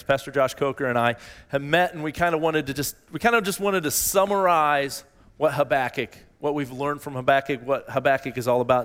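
Earnest pastor in a reverberant hall. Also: male voice, a bit bright. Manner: earnest, repeats phrases, rises in pitch when voicing pleas. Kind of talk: sermon. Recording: long reverb in a large hall.

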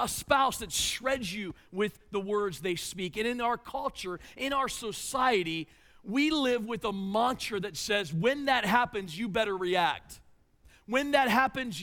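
Bright high-pitched male preacher. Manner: storytelling, animated, with dramatic drops to a hush. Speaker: pastor. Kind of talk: sermon.

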